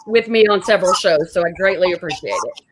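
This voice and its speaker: A woman's voice: lowish voice, quick pace, poor audio. Woman host, upbeat and chatty, on a video call with a faint hiss behind her. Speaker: show host. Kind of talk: casual interview chat.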